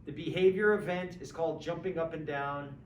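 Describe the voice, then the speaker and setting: A man teaching an introductory philosophy class in a conversational, lively way, acting out examples and checking in with students. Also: a little high, brisk. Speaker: philosophy lecturer. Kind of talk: classroom lecture. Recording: roomy, distant mic with faint background hum.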